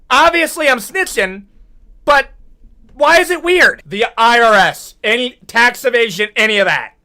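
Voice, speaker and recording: A very high-pitched young American man talks at a normal speed in casual video commentary. Animated and joking, he rants in mock outrage, peppering his talk with slang like "brother, what?"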